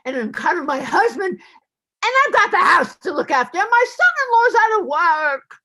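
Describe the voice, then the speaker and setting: Woman doing a tearful old widow, high voice, swooping up and down, whining and pleading, play reading. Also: very animated, normal speed, bright, forceful tone, heavily acted. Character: pleading elderly widow petitioner.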